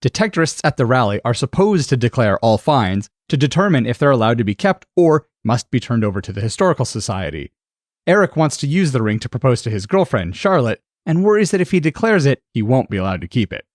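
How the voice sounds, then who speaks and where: Lively male podcast host. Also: mid-range voice, fast talker, no room sound, studio quality. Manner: laughs often, chatty. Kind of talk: casual chat.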